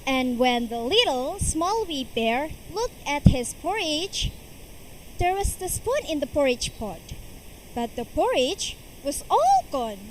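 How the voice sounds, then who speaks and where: A woman's voice: high voice, a little hiss or hum, poor audio. A young woman, performing a fairy tale as a storytelling contestant at a school competition. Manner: slow, expressive storyteller's delivery.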